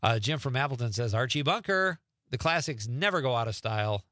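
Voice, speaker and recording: A man's voice: fairly quick, no room sound, clean studio sound. A middle-aged man hosting a casual call-in radio show, reading listener texts with playful asides and chuckles. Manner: animated, chuckling, swings between playful asides and low murmurs. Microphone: studio radio mic.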